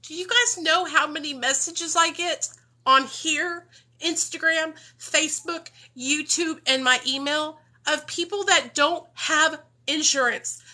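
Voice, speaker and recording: Blunt emotional high bright woman streamer. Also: unhurried. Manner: blunt, swearing, talks straight to her viewers. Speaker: livestreamer in recovery. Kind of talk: emotional unscripted livestream talk.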